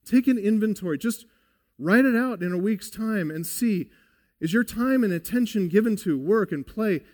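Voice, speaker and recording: A man preaching a sermon as pastor, emphatic and deliberate, calling his listeners beloved. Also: sits high, animated, a little mellow. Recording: long hall reverb.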